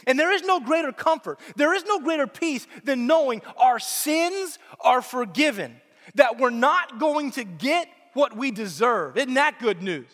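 A man's voice: extremely high pitch, expressive, measured pace, a bit bright, in a large hall. A man preaching a sermon as pastor, in an earnest, emphatic manner.

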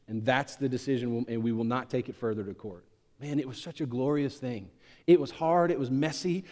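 A male pastor preaching a sermon, swinging from loud, emphatic peaks to hushed, low asides. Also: long reverb tail.

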